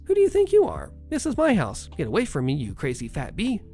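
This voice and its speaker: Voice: mid-range voice, wildly swooping pitch, fairly quick, dark tone, faint music behind. A storyteller voicing a pushy, entitled middle-aged woman trespasser who talks in a brazen, insistent way. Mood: shrieking.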